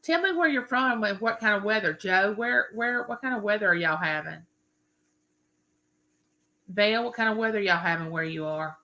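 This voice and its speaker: A woman's voice: mid-range voice, normal speed, pushed and bright, low-quality recording. An older woman from Mississippi, hosting a rambling live stream and greeting viewers by name.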